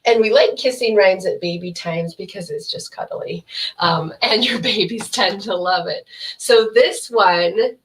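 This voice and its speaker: A young adult woman librarian leading a baby rhyme session, explaining each rhyme in a slow sing-song way. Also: medium pitch, a bit bright. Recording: voice from some distance off the mic.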